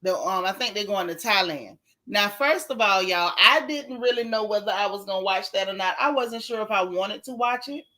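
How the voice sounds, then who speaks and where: Lively, bright-voiced woman livestream host. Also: medium pitch. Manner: lively, greets viewers by name. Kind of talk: casual livestream chat.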